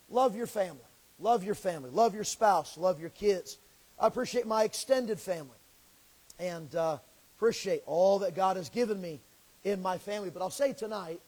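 A man preaches a sermon. His voice is pitched high and sounds a little crackly and scraggly. His manner is earnest and folksy. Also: darkish tone. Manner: earnest, folksy, pauses to clear throat. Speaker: pastor.

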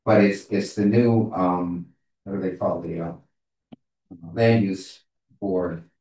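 A man in a casual meeting discussion, talking haltingly as he searches for words. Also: sits low, warm tone. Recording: echoey room, far from mic.

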